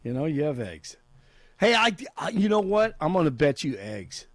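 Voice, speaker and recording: A man's voice: fairly high pitch, very animated, moderate pace, no room sound, studio quality. A man on talk radio reading a sports update and joking with the hosts, laughing often. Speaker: sports and news update anchor. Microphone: studio microphone.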